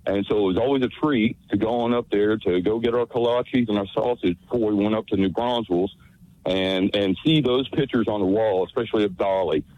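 Caller on a tinny phone line. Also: male voice, lowish voice, a little fast. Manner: rambling, folksy, full of restarts. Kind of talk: phone-in storytelling.

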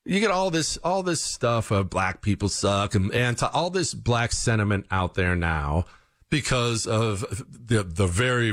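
A man's voice: mid-range voice, a bit bright, dry recording, studio quality. A man delivering an opinion monologue to his listeners, full of rhetorical questions and mock-quoted voices. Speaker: political commentator.

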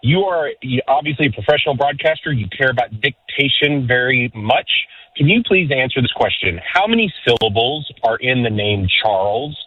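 A male caller of ordinary pitch speaks in a friendly way and pauses now and then. His voice is squeezed through a narrow phone line and sounds dry. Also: animated, husky, no room sound. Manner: friendly, a bit halting. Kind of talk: casual call-in chat.

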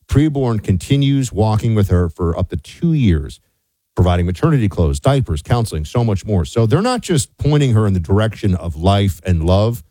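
A man's voice: on the low side, mellow, no echo. A man co-hosting a talk radio show, chatting with his partner and then reading a sponsor ad. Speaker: radio co-host. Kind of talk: talk radio chat and ad read.

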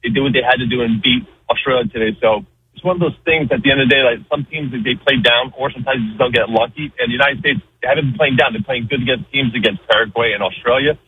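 A radio caller speaks quickly in a medium-pitched voice, chatting casually and earnestly with lots of fillers. The call comes through a tinny phone line with faint noise.

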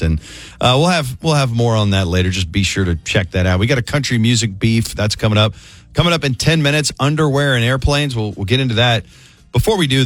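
A man's voice: on the low side, no echo. A middle-aged man hosting a morning radio show, chatting loosely and telling a story with frequent fillers. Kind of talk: casual morning radio banter.

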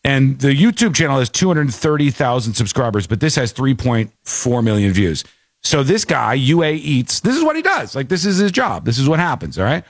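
A man hosting a casual commentary show, talking in an animated way and laughing while mimicking people. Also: mid-range voice, normal speed, dry recording, studio quality. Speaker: podcast host.

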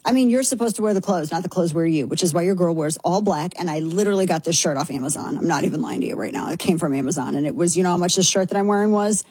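A woman's voice: on the low side, dark tone, slightly rough, dry recording. A woman hosting a talk show, delivering a brash, sarcastic opinion monologue. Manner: brash, sarcastic, fast-shifting.

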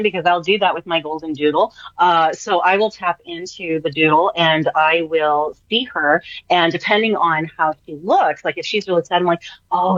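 A woman's voice: lowish voice, a bit bright, no echo, muffled recording. A woman guest on a radio interview, talking with enthusiasm, repeating phrases and tagging on "right?". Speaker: spiritual energy worker guest.

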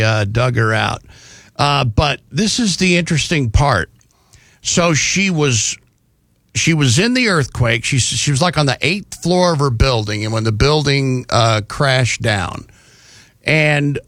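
A man hosting a talk show, telling news stories in a casual, animated way with jokey asides. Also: mid-range voice, no room sound, studio quality. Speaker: radio show host.

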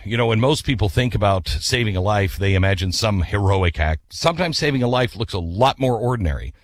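A radio host man telling an animated story in a chatty way, then reading ads. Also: lowish voice, brisk, no room sound, studio quality. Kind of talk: storytelling and ad reads.

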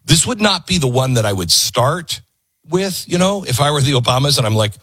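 A man's voice: medium pitch, very animated, brisk, fairly bright tone, breathy edge, no echo. A man hosting a political commentary show, talking in a sarcastic, mocking way with lots of asides.

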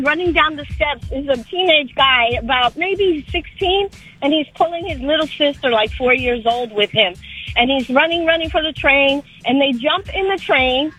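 A woman's voice: high-pitched, sharp tone, low-quality recording. A woman calling in to a radio show, telling a dramatic true story in an earnest way. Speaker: caller.

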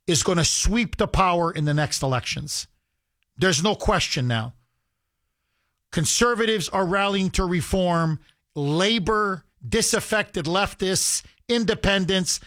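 A man's voice: high voice, fairly bright tone, dry recording, clean studio sound. A man hosting a call-in radio talk show, speaking in an emphatic, heated way and repeating himself as he pushes his points.

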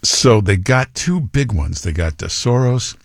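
Lowish guy ranting politics on his show, lively swoopy voice, dry sound. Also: measured pace, no echo. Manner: rambling, opinionated, with quoted impressions. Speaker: talk radio host. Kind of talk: political commentary monologue.

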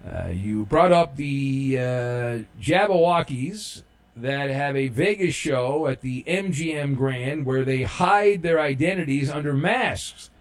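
A man's voice: medium pitch, takes it slowly. Male sports talk show host, casual and rambling, with dry sarcasm and frequent fillers. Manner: rambling, many fillers and restarts; sarcastic, deadpan humor.

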